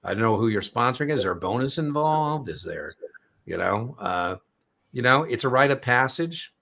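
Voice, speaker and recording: A man's voice: mid-range voice, animated, normal speed, gravelly, bright, forceful tone. A middle-aged man hosting an exam prep live stream, chatting casually and telling rambling, joking stories.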